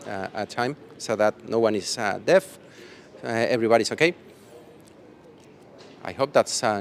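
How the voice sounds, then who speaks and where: A man's voice: mid-range voice, a little hiss or hum. A man hosting a live stream from a conference, chatting playfully and rambling, a little tired. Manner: playful, rambling, laughs often. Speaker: livestream host. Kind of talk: casual live stream chat. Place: conference hall after the event.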